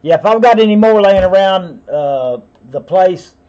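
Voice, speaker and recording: A man's voice: high voice, lively intonation, measured pace, dark tone, highs cut off. A man with a Southern US accent running a live online auction, rambling in a folksy way and calling viewers by name. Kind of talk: live-stream auction patter.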